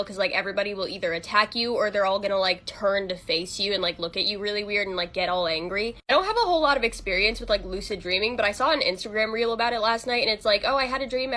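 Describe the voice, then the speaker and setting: A woman talks fast in a bright, sharp voice, rambling to her camera. Her speech is packed with "like", and she throws in casual swears and questions to her viewers. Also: mid-range voice. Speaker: TikTok creator.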